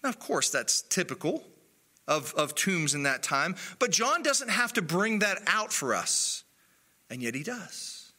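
A pastor delivers a sermon earnestly and in a measured way, taking his time and leaning on his pauses. His fairly high voice has a very bright, forward tone and swings widely in pitch.

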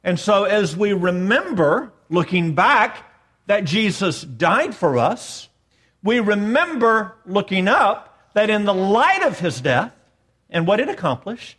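A man preaching a sermon, emphatic, swinging between raised declarations and quiet asides. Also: high voice, very animated, slow pace. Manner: emphatic preaching, rising and dropping in volume. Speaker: pastor.

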